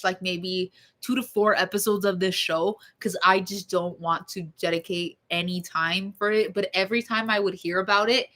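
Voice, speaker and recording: Pushed and bright, a young vlogger's mid-pitched voice carries blunt opinions and casual swearing through a loose, off-the-cuff ramble from home. The chat stays unpolished and conversational.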